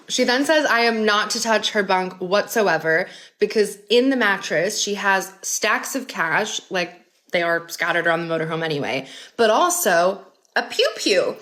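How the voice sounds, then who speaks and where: A woman's voice: fairly low pitch, a bit bright. A young adult woman narrating a personal story in a casual storytime chat, full of fillers and wry asides.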